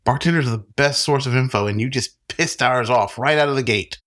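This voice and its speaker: A man's voice: medium pitch, a little fast, fairly bright tone, voice pushed up, lightly acted. A man reading the part of a terse, dry-humored male private investigator in an audiobook.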